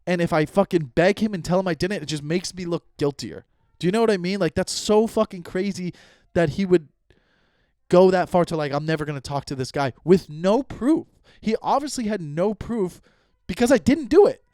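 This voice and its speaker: A man's voice: high voice, moderate pace, darkish tone, no echo, clean studio sound. A young man hosting his own podcast from home, telling stories in a casual, profane, rambling way with lots of restarts and sudden outbursts. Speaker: comedian podcast host. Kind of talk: casual solo podcast storytelling.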